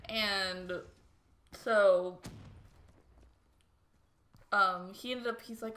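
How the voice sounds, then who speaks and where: A woman's voice: mid-range voice, slow pace, long pauses. A young woman vlogger telling a personal story in a rambling, casual way, full of "like" fillers and swearing. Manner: rambling, filler-heavy, profane, animated retelling. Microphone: new desk microphone. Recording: faint background noise and clicks.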